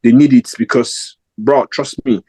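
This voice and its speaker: A man's voice: medium pitch, steady tone, unhurried, mellow, slightly rough, rough recording. A young man giving his opinion in a casual football fan vlog, rambling and emphatic with lots of fillers and restarts.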